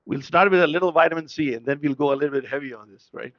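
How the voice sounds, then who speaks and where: A man's voice: fairly high pitch, racing, no room sound, highs cut off. A man preaching an impassioned sermon at a mourning gathering. He fires off rhetorical questions and switches between English and Urdu.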